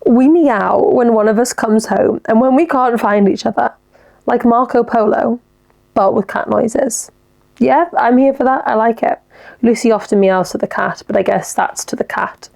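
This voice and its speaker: A woman's voice: on the high side, moderate pace, gravelly, darkish tone. A young woman hosting a podcast alone, chatting casually and giggling as she reacts to listener messages. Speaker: podcast host. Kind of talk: casual solo podcast chat.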